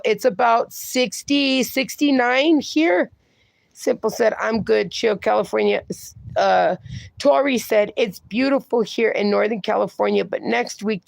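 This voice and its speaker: A woman hosts a relaxed livestream outdoors, reading her viewers' comments aloud and laughing often between them. Her voice is strongly gravelly and fairly high, and she talks at an unhurried pace. The sound is close and dry. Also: no echo. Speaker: livestream host.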